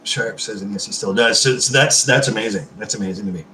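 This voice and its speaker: A man in his thirties hosting a casual livestream, chatting warmly with viewers and swearing freely. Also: on the low side, fast, echoey room, a little hiss or hum. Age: 30s. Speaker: livestream host.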